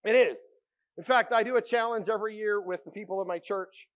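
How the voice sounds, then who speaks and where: A man preaching a sermon as pastor, telling stories with animated energy and dropping to a hush for quiet moments. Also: high voice, a little fast, muffled recording. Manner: animated storytelling, drops to a hushed voice for quiet moments.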